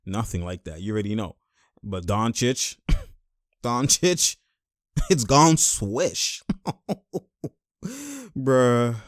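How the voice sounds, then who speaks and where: A young man hosting casual game-watching commentary, animated and full of exclamations and laughter. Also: mid-range voice, very slow, pauses often, no room sound, studio quality. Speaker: host.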